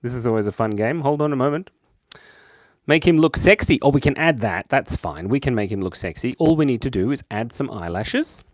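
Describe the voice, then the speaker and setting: A young Australian man chatting casually with his viewers while he draws on a livestream, playful and quick to jump from excited to quiet. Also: no echo, studio quality. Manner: playful, jumps between high excited bursts and quiet mumbles. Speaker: livestream host drawing for chat. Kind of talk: casual live-stream chat while drawing.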